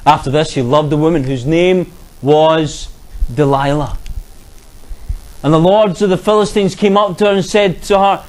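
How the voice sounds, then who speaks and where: Male preacher, sermon, high pitch, earnest, rhetorical questions. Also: normal speed, a little mellow, low-quality recording.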